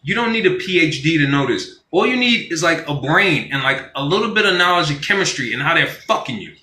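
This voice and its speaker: A man with a high, sharply bright voice rants live to his viewers. He talks loosely and with plenty of profanity, and he acts out quoted voices along the way. The room rings with echo around him. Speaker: vlogger on a live stream. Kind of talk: casual profane rant.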